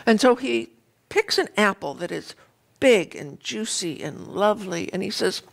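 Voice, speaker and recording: A woman minister giving a conversational sermon, retelling a fairy tale with lively, animated storytelling. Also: mid-range voice, a little slow, creaky.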